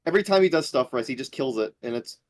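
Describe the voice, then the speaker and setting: A man's voice: mid-range voice, expressive, rapid-fire, dry recording. A man with a faint, wavering New York accent, a game developer guest chatting easily and laughing readily. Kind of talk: casual podcast chat.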